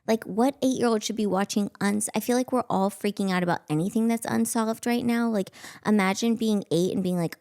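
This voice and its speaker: A woman's voice: mid-range voice, brisk, a little mellow. A woman in her thirties hosting a podcast, telling a story in a chatty, self-mocking way with plenty of filler words. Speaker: podcast host. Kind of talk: casual storytelling.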